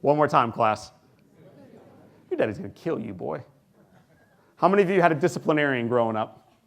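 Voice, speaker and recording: A man in his forties, from the United States, giving an inspirational keynote speech to a live audience in a large hall. He tells his story with dramatic pauses, dropping to a hush and then rising loud. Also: medium pitch, animated, creaky. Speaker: keynote speaker.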